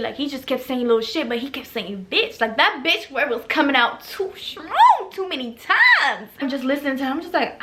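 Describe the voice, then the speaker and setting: A woman's voice: high-pitched, very animated, brisk, hardly any pauses, bright, forceful tone, slight background noise. A young woman from Africa in her twenties telling a dramatic story for her vlog, sassy and profane, acting out every line. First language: an African language. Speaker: storytime vlogger.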